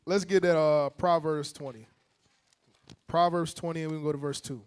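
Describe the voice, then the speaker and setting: A man teaching a congregation from the Bible in a casual, slangy, animated way with call-and-response. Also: a little high, moderate pace, smooth.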